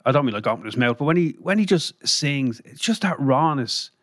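An Irish man sits in a podcast studio and tells old stories in a loose, meandering way, full of fillers and little chuckles. His voice sits at an ordinary pitch and sounds dry and close to the mic. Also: expressive, a little fast, fairly bright tone, dry recording. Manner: rambling, lots of "you know" and "um", chuckles while telling stories. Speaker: guest, former band crew member. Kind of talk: casual anecdotal storytelling.

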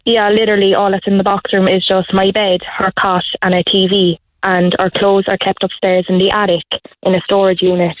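A woman's voice: medium pitch, flat delivery, brisk, no echo. A young woman calling into a radio show, speaking in a plain, matter-of-fact way. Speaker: caller. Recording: phone line on radio.

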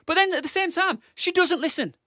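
A man's voice: very high voice, brisk, no echo, clean studio sound. A man with a northern English accent co-hosting a breakfast radio show, joking and laughing through casual banter. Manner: jokey, laughing, lively banter. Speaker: radio co-host. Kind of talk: casual chat.

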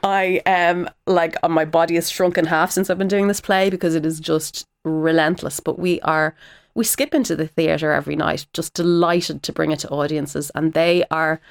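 Irish woman, lowish voice, lively chatty interview guest, actor. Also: moderate pace, gravelly, smooth. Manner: animated and chatty, with frequent fillers. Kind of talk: casual interview chat.

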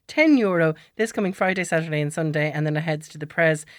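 Irish woman radio presenter, teasing casual chat, low-ish voice. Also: dry recording, studio quality. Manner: warm, teasing, quick to laugh.

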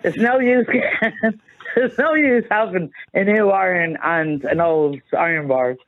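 A woman's voice: on the low side, slow, no room sound, narrow, tinny audio. A woman calling in to a radio show, talking in a chatty, rambling way and saying "like" a lot. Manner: chatty, rambling, says "like" often. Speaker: caller. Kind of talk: casual radio phone-in chat.

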